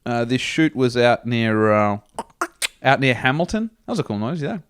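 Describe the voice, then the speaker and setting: A man's voice: medium pitch, expressive, normal speed, clean tone, dry recording, studio quality. A man co-hosting a comedy podcast, telling a crude, rambling story in casual chat. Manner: rambling, crude, laughs at his own jokes.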